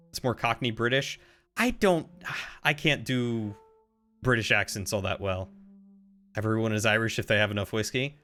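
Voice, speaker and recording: A man's voice: medium pitch, pushed and bright. A young man streaming a game live, joking casually with his chat.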